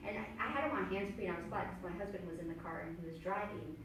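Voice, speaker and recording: A woman's voice: on the low side, racing, noisy background. Chatty middle-aged woman in an echoey room. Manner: chatty, animated, laughing often, tags lines with "right?". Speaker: health coach. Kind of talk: casual storytelling to a small group. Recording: very echoey room, mic far off.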